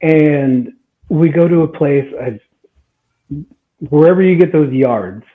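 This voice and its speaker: With a fairly high pitch and a slow pace, a man in his twenties tells a casual story as a podcast guest. He's animated and laughing as he acts out people's quotes, and the audio sounds tinny, like a phone.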